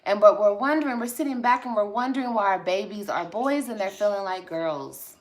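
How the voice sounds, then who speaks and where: A woman's voice: mid-range voice, a little fast. A woman vlogger chatting casually on a livestream, blunt, sassy and profane as she scolds viewers. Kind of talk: casual livestream chat replying to comments.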